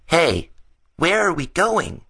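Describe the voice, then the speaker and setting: A man voicing a calm, sensible young boy in a children's audiobook, with a gentle, level-headed delivery. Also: on the high side, takes it slowly, creaky, husky, pitched above the performer's own voice, heavily acted.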